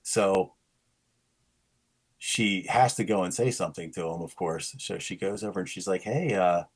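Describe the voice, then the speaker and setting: A man's voice: deep voice, normal speed, breathy edge. A man co-hosting a casual podcast, telling a rambling anecdote and acting out the quoted lines. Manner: rambling storyteller who acts out quoted lines. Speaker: podcast co-host.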